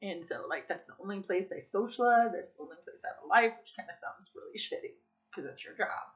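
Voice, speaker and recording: A woman's voice: medium pitch, a little fast. Woman vlogger, casual confessional talk, frank and sweary, slightly dull lo-fi sound. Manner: candid, swears a lot, says "like" and "dude" often. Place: Las Vegas.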